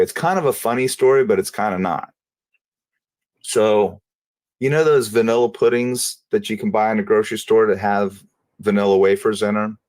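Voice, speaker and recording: A man telling a personal story in an interview, in a casual, halting way, often repeating and restarting phrases. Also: on the low side, a little mellow, no echo. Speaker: interview guest.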